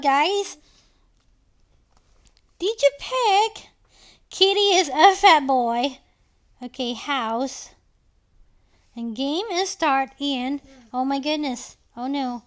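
A woman in her thirties playing a video game with her child, giving animated, exclamation-filled commentary. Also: high voice. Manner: animated, frequently exclaiming and calling for help. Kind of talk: excited gameplay commentary.

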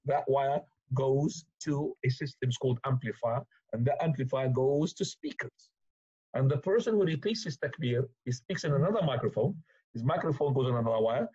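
A man teaching a religious lesson in an animated way, rising sharply in pitch to stress points, with frequent restarts. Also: slightly rough. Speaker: Islamic teacher. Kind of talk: religious lecture. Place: mosque lecture room. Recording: muffled lo-fi recording.

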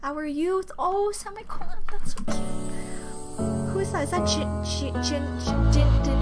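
A young woman with a high voice reacts excitedly to a video, gasping and gushing one moment and murmuring softly the next. Her pitch swoops all over as she talks, and music plays clearly behind her. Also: normal speed. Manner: gushing, gasping, thinking aloud, drops to soft murmurs. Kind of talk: casual reaction commentary.

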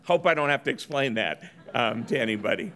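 A middle-aged man from Southern California giving a business lecture in a measured, good-humored storytelling manner. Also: medium pitch, lively intonation, fairly bright tone. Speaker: guest lecturer.

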